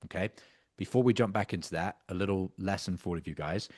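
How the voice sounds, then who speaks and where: A man's voice: deep voice, quick pace. A man coaching sales closers, breaking down a practice call in an emphatic, intense way with casual swearing.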